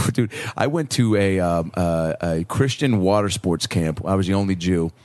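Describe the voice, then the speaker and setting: A man from the United States, a comedian guest in casual podcast banter, telling animated stories. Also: deep voice, measured pace, dry recording. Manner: animated storyteller, slips into character voices.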